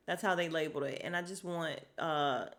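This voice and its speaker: Lady podcaster ranting through a reality tv recap, chatty, kinda exasperated, lowish voice. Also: steady tone, brisk, fairly bright tone. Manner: chatty and exasperated, acts out cast members' lines. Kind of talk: casual solo recap.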